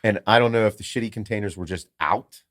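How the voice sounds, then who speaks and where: A man's voice: fairly low pitch, fast, fairly bright tone, dry recording, clean studio sound. A man co-hosting a podcast in casual chat, joking and rambling with plenty of profanity. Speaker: podcast co-host.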